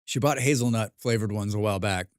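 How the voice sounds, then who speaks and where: A man's voice: lowish voice, quick pace, dry recording, clean studio sound. An American man chatting casually while streaming a game, rambling and swearing with self-mocking asides. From United States.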